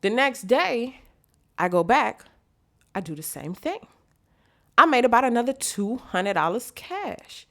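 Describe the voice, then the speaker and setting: Animated woman telling her story. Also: a little high, measured pace, pauses often. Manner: animated, acts out quotes. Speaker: vlogger.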